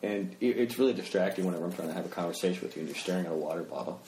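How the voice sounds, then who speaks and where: A man's voice: sits low, lively intonation, darkish tone, a little hiss or hum. A man co-hosting a casual podcast, joking and often restarting his sentences. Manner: quick, joking, frequent restarts. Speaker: podcast co-host. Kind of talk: casual chat. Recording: roomy echo.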